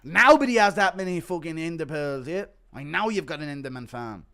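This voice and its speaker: A man doing a loud, mocking voice of a swaggering fighter taunting a rival. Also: expressive, brisk. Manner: loud, taunting, high-pitched.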